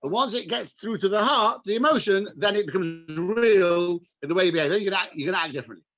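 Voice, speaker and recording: An English man, a rabbi, teaching a class over a video call and telling stories in an animated way, with Hebrew and Yiddish words mixed in. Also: sits high, fast, highs cut off. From England. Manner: animated storyteller, mixes in Hebrew and Yiddish terms. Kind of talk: Torah class with storytelling.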